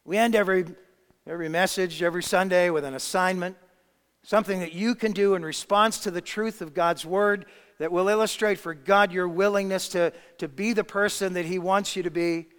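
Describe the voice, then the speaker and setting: A pastor preaching a sermon, swinging between loud emphasis and hushed quiet. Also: male voice, high voice, fairly even intonation, fairly quick, smooth. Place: church sanctuary. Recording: long hall reverb.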